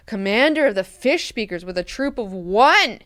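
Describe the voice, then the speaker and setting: A woman's voice: mid-range voice, moderate pace, fairly bright tone, clean tone, no echo, studio quality, natural voice. A woman voicing a defiant, sarcastic young female commander who talks in a catty, mocking, profane way.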